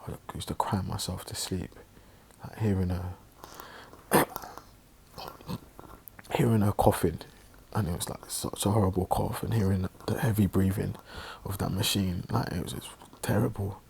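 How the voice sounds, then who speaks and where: A man telling a personal story in a halting, reflective way, with many pauses and restarts, sounding subdued and emotional. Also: low voice, steady tone, gravelly, darkish tone, slight background noise. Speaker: online religious presenter.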